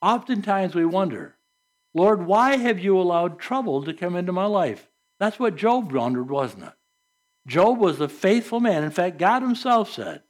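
A man preaching a sermon as pastor, reading scripture and adding earnest, conversational asides with soft laughs. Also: high voice, animated, normal speed.

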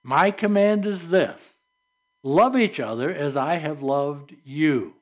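A man preaching a sermon as pastor, reading scripture and adding earnest, conversational asides with soft laughs. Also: on the high side, lively intonation, slow pace.

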